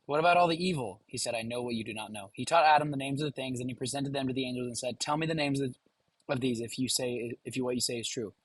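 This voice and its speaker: A man's voice: mid-range voice, fast, slightly rough, dry recording, low-quality recording. A man hosting a live watch party, reading a passage aloud with casual asides to viewers. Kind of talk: live stream commentary.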